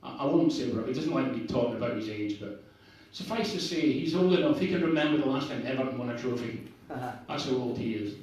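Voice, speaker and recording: A man's voice: medium pitch, a little fast, few pauses, a little mellow. A man with a northeast Scottish accent doing a rambling, self-deprecating stand-up set at a bar open mic night. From Scotland. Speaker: stand-up comedian. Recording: echoey bar heard from a distance.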